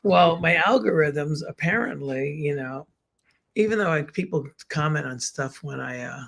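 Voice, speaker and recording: A middle-aged man with a Bronx accent, co-hosting a casual chat from his living room, talking haltingly with many restarts. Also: fairly high pitch, animated, gravelly, a bit bright. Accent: Bronx, New York. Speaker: podcast co-host.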